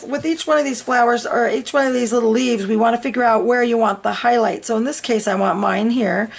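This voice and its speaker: A woman with a gravelly, husky voice walks through a coloring tutorial step by step. She sits a little high in pitch and talks softly and chattily. Her fillers and restarts keep it loose and unscripted. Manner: soft, chatty step-by-step instruction with many fillers. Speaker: coloring instructor. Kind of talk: real-time art tutorial.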